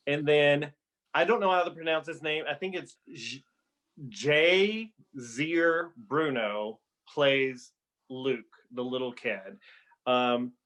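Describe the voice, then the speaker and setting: A man's voice: fairly high pitch, a bit bright. A man with a fairly light voice hosts a podcast in a loose, chatty way. He gives opinionated reviews and fills his talk with "um" and "like". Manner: chatty, opinionated, filler-heavy. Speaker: podcast host. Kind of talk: casual chat.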